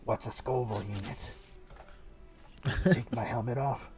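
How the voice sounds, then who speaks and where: A man voicing a terse male bounty hunter who sounds flat and puzzled. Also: medium pitch, unhurried, faint music behind, pitched below the performer's own voice, close to an everyday voice.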